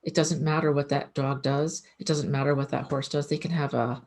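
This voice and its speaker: A woman's voice: a bass voice, fairly even intonation, brisk, creaky, darkish tone. A woman, an animal communicator, giving casual advice in an earnest, conversational way that often repeats itself.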